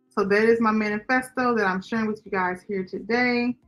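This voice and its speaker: A woman's voice: mid-range voice, fairly even intonation, a little fast, hardly any pauses, soft background music. A young woman, chatting casually with viewers as a livestream host. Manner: chatty, talks to viewers and chat directly. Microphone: computer microphone.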